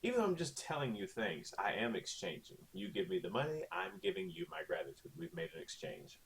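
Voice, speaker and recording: A man's voice: lowish voice, huge pitch swings, brisk, vocal fry, a bit bright, slight background noise. A man teaching a recorded Spanish lesson in a chatty way, often checking in with "okay?".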